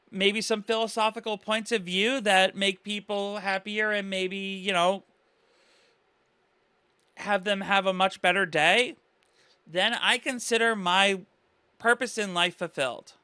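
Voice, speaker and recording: Reaction commentator, male, high and very bright voice, earnest and rambling, dry close sound. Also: fairly even intonation, unhurried, clear, resonant tone, dry recording. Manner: earnest, rambling, full of "you know" and "like".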